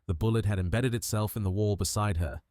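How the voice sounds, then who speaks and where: A man reading a mystery audiobook with measured, dramatic storytelling. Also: lowish voice, darkish tone, no echo, clean studio sound. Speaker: narrator. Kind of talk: scripted audiobook narration of a mystery.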